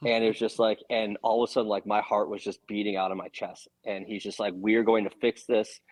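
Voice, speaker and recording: A man talking as a podcast guest, telling a story in a casual, earnest and animated way, swearing now and then. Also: on the low side, fast, poor audio.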